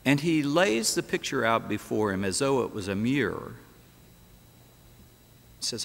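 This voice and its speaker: With a gravelly, medium-pitched voice that swings widely, a pastor preaches at a measured pace and pauses often. In an echoey church sanctuary, he narrates the story dramatically and asks rhetorical questions.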